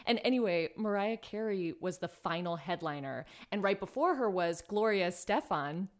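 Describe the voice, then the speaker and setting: A woman in her thirties from Los Angeles, a podcast guest chatting casually with lots of laughter and playful quoted voices. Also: moderate pace. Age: 30s. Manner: animated storyteller, laughs often, jumps into high quoted voices. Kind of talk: casual chat.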